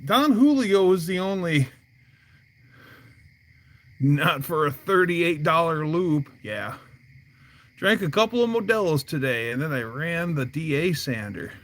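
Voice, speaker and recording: A man with a slightly high voice chats casually outdoors by his garage. He rambles through stories, dropping plenty of fillers along the way. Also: a bit bright. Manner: rambling storyteller, many fillers. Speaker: livestream host. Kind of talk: casual chat.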